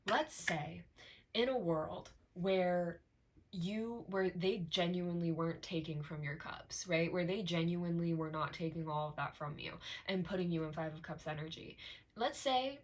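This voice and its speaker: A woman's voice: on the low side, moderate pace. A woman giving a casual tarot reading to her viewers, talking emphatically with lots of repetition, fillers and profanity. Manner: conversational with many fillers like "like" and "right". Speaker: tarot reader.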